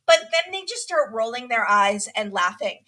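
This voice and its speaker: A woman hosting a podcast, chatting casually and telling a story with lively acted-out quotes. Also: a little high, moderate pace. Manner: animated storytelling, acts out quotes. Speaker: podcast host. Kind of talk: casual chat, recapping a reality show.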